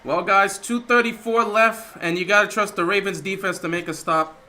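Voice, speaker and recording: A man's voice: high-pitched, fairly even intonation, normal speed, pushed and bright. A man hosting a livestream, giving emotional, rambling live commentary on a football game as he watches, repeating himself and reading out donations. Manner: reads out viewer donations. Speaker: livestream host.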